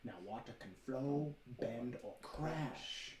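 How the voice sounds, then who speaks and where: A man doing a calm martial arts sage. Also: mid-range voice, takes it slowly, a crowd in the background, close to an everyday voice. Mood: measured. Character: calm, philosophical adult male martial arts master. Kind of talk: casual impression in podcast chat. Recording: roomy room, faint noise.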